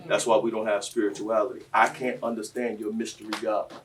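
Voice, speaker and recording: A man, telling stories on a panel in a preachy, impassioned way that swings between quiet and loud. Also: fairly low pitch, level tone, brisk, distant mic, a little hiss or hum. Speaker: panel speaker.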